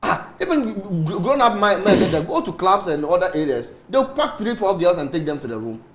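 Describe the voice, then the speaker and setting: A Ghanaian man speaks on a morning show panel in a high, swooping voice. He slips Twi phrases into his English. The studio is echoey. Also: very animated, a little fast. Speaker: studio guest.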